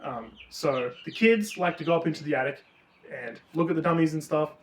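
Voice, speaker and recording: A man co-hosting a casual book review chat, retelling the plot with lots of swearing and animated energy. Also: fairly high pitch, brisk. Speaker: podcast co-host. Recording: roomy, distant mic.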